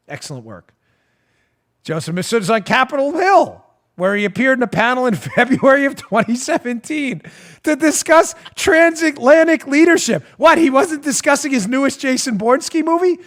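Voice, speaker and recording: A man hosting a political talk show, sarcastic and laughing, swinging from loud jabs to hushed asides. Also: very high voice. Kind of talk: animated political commentary.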